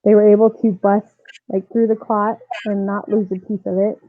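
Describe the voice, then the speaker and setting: A woman's voice: medium pitch, moderate pace. Woman on a tinny phone line. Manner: lively storyteller acting out quoted voices. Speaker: softball coach, podcast guest. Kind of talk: personal storytelling in an interview.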